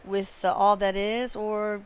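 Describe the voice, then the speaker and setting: A woman's voice: mid-range voice, little pitch movement, slow pace, clear, resonant tone. A woman hosting a casual interview, giving brief affirmations and asking playful follow-up questions. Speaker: host.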